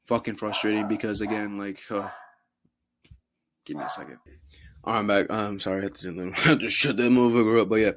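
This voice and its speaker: A man's voice: lowish voice, very fast, hardly any pauses, a little hiss or hum. Profane young man ranting about football. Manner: profane, animated, mocks players in put-on voices. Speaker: podcast host. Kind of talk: casual football rant.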